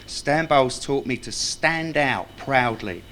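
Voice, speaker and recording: A man's voice: medium pitch, expressive, slow pace, fairly bright tone. Guy doing a wry funny tribute speech on a handheld mic in a club room, faint hiss behind. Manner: wry, self-mocking storyteller. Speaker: speaker at a tribute evening. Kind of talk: anecdotes and recited tribute poem. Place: club function room with live audience.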